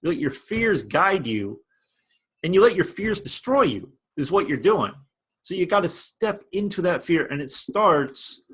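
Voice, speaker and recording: Passionate husky man ranting. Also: on the high side, a bit bright. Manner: passionate, repetitive, preachy. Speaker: online business vlogger. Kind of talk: motivational rant to camera.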